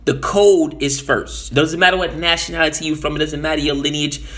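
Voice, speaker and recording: A man's voice: a little high, steady tone, a little fast, fairly bright tone. A man giving a casual political monologue, emphatic, often repeating and restarting phrases. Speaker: commentator.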